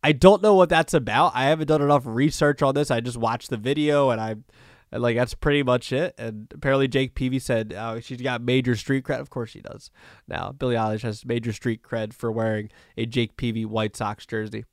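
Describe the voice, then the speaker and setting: A man hosts a solo sports podcast, talking loosely and conversationally with plenty of fillers and restarts. His mid-range voice stays steady at a fairly quick pace, and the recording is dry with clean studio sound.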